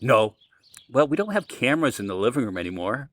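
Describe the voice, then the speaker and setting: With a mid-range voice and a slightly quick delivery, he co-hosts a podcast on a track with no room sound. He wanders through a long, casual story and acts out what people said with animated flair.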